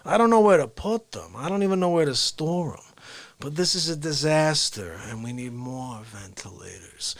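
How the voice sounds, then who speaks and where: A man doing an impression of a laid-back male New York politician, speaking low and slow with a New York accent. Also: expressive, no echo. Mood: gruff.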